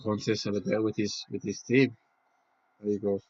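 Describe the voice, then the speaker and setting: Excitable man reacting to football, husky. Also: fairly low pitch, normal speed, dry recording. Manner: excitable, swings between shouting and hushed awe. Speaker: football watch-along host. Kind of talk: emotional live match reaction. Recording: muffled lo-fi home recording.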